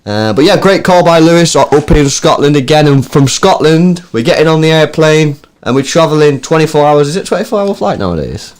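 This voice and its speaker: A man hosting a fan phone-in show, chatting in a relaxed way. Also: on the high side, a little fast, hardly any pauses. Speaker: host. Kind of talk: casual phone-in chat.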